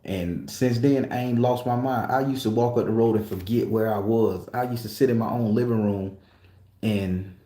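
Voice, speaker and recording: A man's voice: lowish voice, normal speed, mellow. A man at a tattoo shop telling an emotional personal story in a profane, emphatic way. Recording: echoey room.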